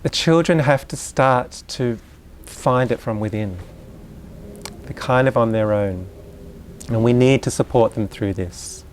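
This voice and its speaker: Speaking on Waldorf education, a man with a medium-pitched, somewhat dark voice talks informally to parents, illustrating ideas with examples and asides aimed at his listeners. There's a little background noise.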